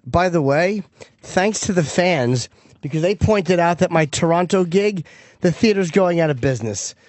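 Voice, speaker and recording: A man's voice: high-pitched, animated, moderate pace, darkish tone, dry recording. A man, a comedian guest on a radio show, talking in a rambling, self-mocking way. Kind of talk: casual radio chat.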